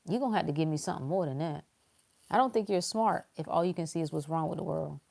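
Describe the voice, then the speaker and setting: A woman with a low, gravelly voice hosts a casual spiritual talk. She speaks bluntly and animatedly, jumping from loud emphasis to quiet, hushed asides. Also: fast.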